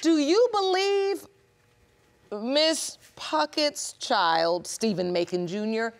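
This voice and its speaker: High-voiced woman judge questioning firmly. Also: takes it slowly, vocal fry. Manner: firm, probing, repeats questions to press for answers. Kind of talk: courtroom questioning. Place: television courtroom set.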